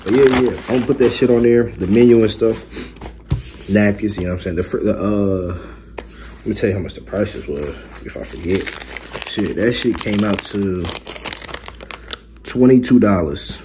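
Speaking at a moderate pace with frequent pauses, a young man with a fairly low voice chats casually to viewers in his mukbang vlog. Set in his bedroom under colored LED lights, he's joking and boastful with loose slang, and background noise is audible.

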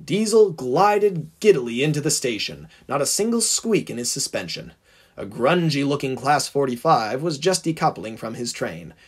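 A man reads a fan-written story aloud with dramatic, expressive storytelling. His voice is husky and his pitch swings widely with the action. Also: normal speed. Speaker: narrator. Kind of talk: storybook fan audiobook narration.

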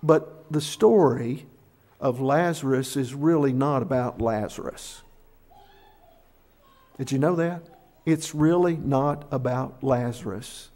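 A middle-aged male pastor preaching a sermon, telling the story plainly and leaning on key words with louder and softer delivery. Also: medium pitch, slow, long pauses. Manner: storytelling preacher, varies loudness for emphasis.

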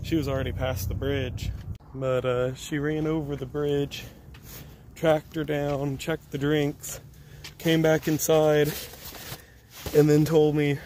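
Man, delivery driver, casual vlog in a car, laughs a lot, slightly high voice, road noise. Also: little pitch movement, slow pace, long pauses, a little mellow. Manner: chatty storytelling, laughs often.

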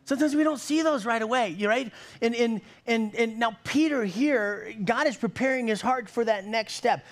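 A man's voice: very high-pitched, normal speed, few pauses. A man in his fifties preaching a sermon in a church, folksy and joking, often repeating words as he goes. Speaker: pastor.

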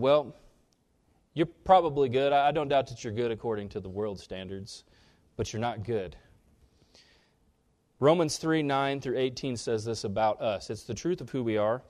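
A man preaching a sermon, rising sharply in pitch and loudness on key points and dropping low between them. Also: normal speed. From Kansas. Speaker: pastor.

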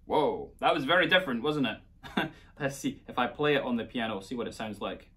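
A man's voice: mid-range voice, animated, a little fast, fairly bright tone. A man with a Scottish accent teaching a playful children's music lesson, coaxing young listeners along.

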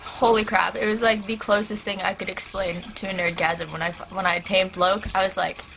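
A teenage girl chatting excitedly to her camera, rambling and full of "like". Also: mid-range voice, normal speed, gravelly, poor audio. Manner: excitable, rambling, heavy use of "like". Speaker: vlogger. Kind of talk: casual chat to camera. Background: turtle tank filter hum.

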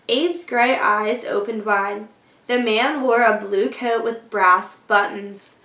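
A woman reading a children's chapter book aloud as a teacher, with gentle storytelling. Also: fairly high pitch, fairly even intonation, takes it slowly, echoey room. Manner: gentle storytelling, voicing characters lightly.

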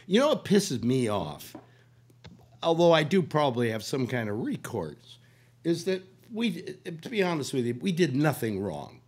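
Hoarse older man rambling with a cold. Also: mid-range voice, darkish tone. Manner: rambling, full of restarts and "you know". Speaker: radio talk host. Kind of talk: rambling casual talk.

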